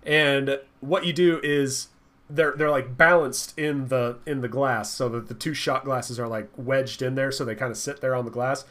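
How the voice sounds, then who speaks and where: A man's voice: mid-range voice, steady tone, a bit bright. A young man co-hosting a podcast in casual chat, joking and laughing often. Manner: joking, laughs often, quick bursts of mock voices. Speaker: podcast co-host.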